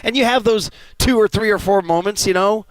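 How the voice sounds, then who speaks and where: A man's voice: high-pitched, a little fast, dry recording. A man hosting a sports radio show, chatting casually and telling stories with frequent laughs. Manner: animated storyteller, laughs often, joke-telling.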